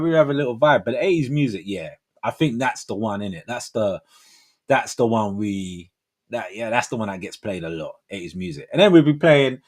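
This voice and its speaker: A man in his forties hosting a livestream, chatting casually in slangy, rambling talk with frequent laughs. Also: medium pitch. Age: 40s. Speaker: livestream host. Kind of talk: casual chat.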